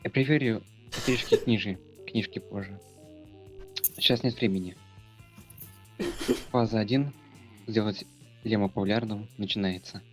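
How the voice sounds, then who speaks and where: A man reading game lines in Russian, low. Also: moderate pace, pauses often, lightly acted. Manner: reads choices aloud in Russian, laughing at his own stumbles. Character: young man playing his game character in Russian. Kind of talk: playing a party game in Russian. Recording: faint game music behind.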